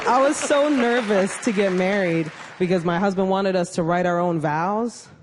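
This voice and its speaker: New woman doing stand-up, fast teasing punchlines, big crowd laughing loud. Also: medium pitch, background noise. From South Bronx, New York. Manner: brash, teasing, quick punchlines with playful impressions. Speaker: stand-up comedian. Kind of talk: stand-up comedy on a talent show stage. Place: large theater stage with a live audience. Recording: stage mic with loud audience laughter.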